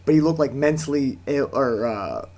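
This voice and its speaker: A man's voice: mid-range voice, lively intonation, normal speed, a little mellow. A man casually telling a rambling story on a chat show, full of fillers, restarts and swearing. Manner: swears casually, laughs a lot. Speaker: co-host.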